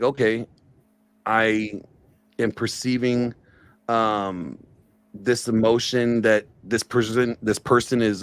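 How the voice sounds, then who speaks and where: A man talks through his argument in a casual streamed discussion, pausing on fillers and restarting sentences. The sound is dry and close, with his voice at an ordinary middle pitch. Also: no room sound. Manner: hesitant, explanatory, many fillers. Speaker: panelist in a stream debate.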